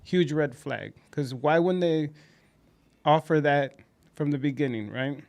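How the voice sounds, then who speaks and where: A man's voice: on the high side, unhurried, creaky, a little mellow. A man co-hosting a dental clinic podcast, telling stories in casual chat and acting out conversations with patients.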